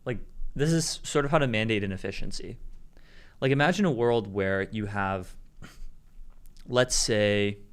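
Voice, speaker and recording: Low-voiced man explaining policy views. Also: a little slow, long pauses, clean tone. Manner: explanatory, builds arguments with examples. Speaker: co-host. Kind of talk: casual news commentary.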